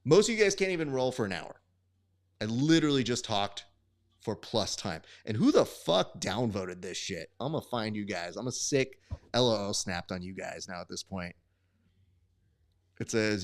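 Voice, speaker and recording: A man's voice: lowish voice, sing-song, normal speed. Chatty man hosting live sport commentary. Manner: casual, chatty, profane banter. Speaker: host.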